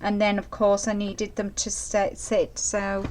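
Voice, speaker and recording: A woman's voice: medium pitch, monotone, measured pace, a little mellow, a little hiss or hum, rough recording. A middle-aged woman giving a live craft demonstration, chatty and apologetic, often checking that viewers can see.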